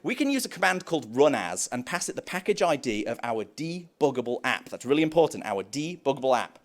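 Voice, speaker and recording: A man's voice: medium pitch, brisk. A young man giving a live conference talk on developer tools, joking and acting out playful back-and-forth dialogue. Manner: animated, jokey, acts out playful dialogue. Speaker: conference speaker.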